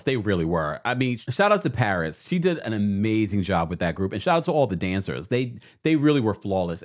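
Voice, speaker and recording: A man hosting an entertainment commentary channel, reading out social posts and reacting to them in a casual, animated way. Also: fairly low pitch. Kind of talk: casual commentary with a sponsor read.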